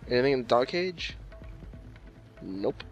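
A man talking through a let's play, his voice at an ordinary pitch. He curses freely and scolds the game whenever it gets the better of him. Faint music plays behind him. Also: very animated, measured pace, highs cut off. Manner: profane, talks back to the game with exasperated outbursts. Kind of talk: casual game commentary.

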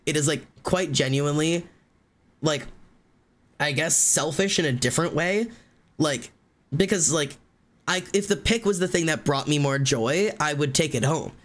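A man streaming live, telling a long story in casual chat, rambling and fast with many fillers and restarts. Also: a little high, fairly bright tone.

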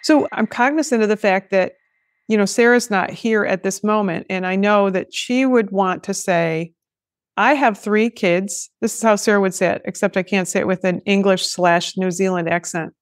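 A woman's voice: medium pitch, moderate pace, no room sound. Chatty woman podcast host, dry sound. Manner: chatty, jokey asides. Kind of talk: casual podcast conversation.

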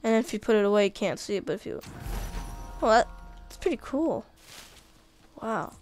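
A woman giving casual, chatty commentary while playing a video game, easily excited by what she finds. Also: medium pitch, moderate pace, faint music behind. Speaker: gaming video creator.

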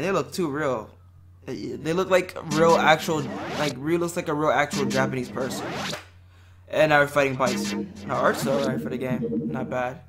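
A man talks casually over an arcade game playthrough, offhand and wry, cursing without a second thought. His voice sits at an ordinary middle pitch. Loud noise hangs under the whole recording. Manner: offhand and wry, swears freely. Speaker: gaming channel host. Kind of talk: casual gameplay commentary voice-over.

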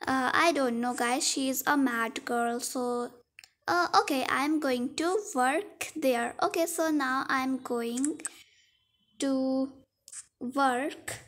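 A woman's voice: high voice, slow, fairly bright tone. A woman, chattily narrating a toy role-play and talking to viewers as guys. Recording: faint music underneath.

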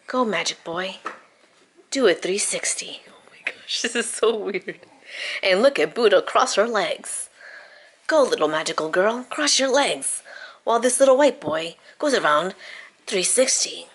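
A woman's voice: mid-range voice, animated, a little slow, husky. A young woman filming a home vlog, talking to her small children in a playful, doting way. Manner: playful, doting baby talk. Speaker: family vlogger, mother. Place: family home, indoors.

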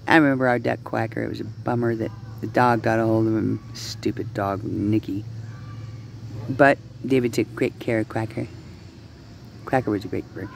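A man's voice: fairly low pitch, fairly even intonation, normal speed, gravelly, slight background noise. A man vlogging outdoors in a city park on a handheld phone, talking in a loose, rambling way full of "you know" and cooing at the ducks. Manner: coos at ducks in a raised, playful voice. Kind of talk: casual rambling vlog.

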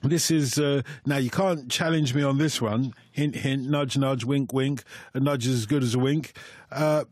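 A man's voice: medium pitch, moderate pace, darkish tone, dry recording, studio quality. A man hosting a radio phone-in, chatting casually and reading out listener emails with teasing humor. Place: radio studio. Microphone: studio microphone.

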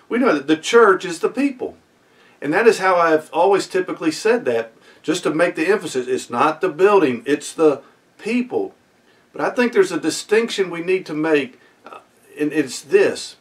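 A man's voice: high voice, lively intonation, normal speed. A man preaching a midweek sermon as pastor, earnest and emphatic, often putting questions to his listeners. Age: adult student.

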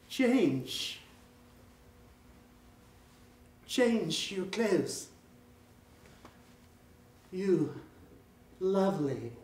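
A man acting a menacing, insinuating stranger in a live stage play, performed on a small theater stage. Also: sits high. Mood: commanding. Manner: taunting and insinuating. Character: menacing insinuating male stranger, a lover's act. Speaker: stage actor. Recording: echoey stage from far off.

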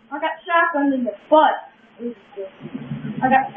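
A woman chatting casually while playing a shooter game, excitable and trash-talking with loud yelps. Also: sits high, normal speed. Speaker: gamer. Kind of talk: casual gameplay chat. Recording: tinny lo-fi audio with echo and hiss.

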